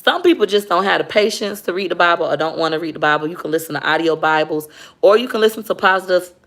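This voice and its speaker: A young woman, chatting candidly on a casual livestream. Her voice sits slightly low and has a gravelly, fry-edged texture. She talks openly with her viewers and reads out their comments as she goes. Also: quick pace. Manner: chatty, candid, animated when retelling. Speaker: vlogger reading viewer comments.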